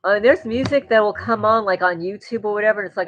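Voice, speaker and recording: A woman talks loosely to her livestream audience, drifting between topics and answering comments as they come in. Her voice sits at a middle pitch. The sound is dry and close to the microphone, with no room echo. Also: quick pace, muffled recording. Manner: rambling, chatty, reads and answers viewer comments. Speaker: livestream host. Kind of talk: casual livestream chat.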